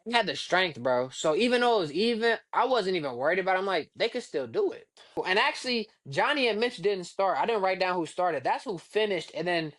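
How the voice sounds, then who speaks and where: A man co-hosting a casual reaction podcast, talking in a relaxed, slangy way and saying "bro" a lot. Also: sits high, a little fast, hardly any pauses. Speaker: podcast co-host.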